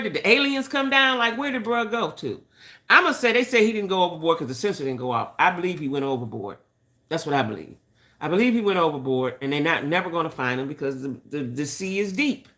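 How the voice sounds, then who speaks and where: Older woman host, gossipy and opinionated, animated pitch swings, bright tone. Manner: chatty, opinionated, talks to viewers as y'all. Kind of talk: casual gossip chat.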